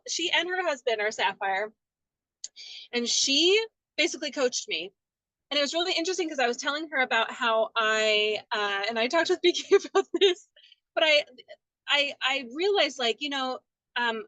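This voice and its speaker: A woman with a notably high voice tells a long, earnest story on a group call. She rambles from one thought to the next. She is calling in from her car, and her voice comes through its hands-free system with a dry, close sound. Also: bright, forceful tone, no echo, poor audio. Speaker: team member sharing on a call. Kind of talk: casual testimony sharing. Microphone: call audio through car hands-free system.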